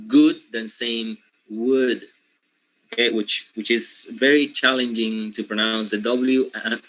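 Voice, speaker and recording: A young male teacher with a Latin American Spanish accent, a native Spanish speaker, lecturing his class live. His tone is bright and forward, and his middle-pitched voice works through ideas in loose restarts. He keeps checking in with "okay?" and "right?". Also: low-quality recording.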